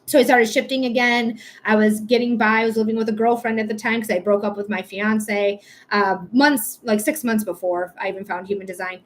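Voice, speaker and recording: Young woman with a high voice doing a live reading stream, chatty, swears a bit, faint hum behind. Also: steady tone, brisk. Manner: chatty, swears casually, upbeat sales pitch. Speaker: livestream psychic reader. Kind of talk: casual livestream chat.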